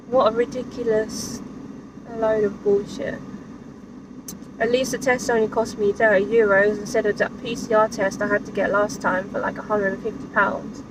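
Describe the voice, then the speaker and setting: Recorded in her vehicle on a distant mic with background noise, this vlogger from England talks casually, laughs often and uses "like" constantly. Her mid-range voice stays fairly flat, at normal speed with frequent pauses.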